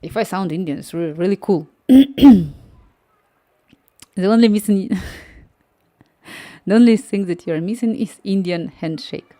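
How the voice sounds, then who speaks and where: A woman with a non-native English accent chats loosely on a live coding stream, her voice mellow and warm. She pauses often to search for words and breaks into light laughs. She sounds relaxed at home. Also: mid-range voice. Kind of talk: casual live-stream chat.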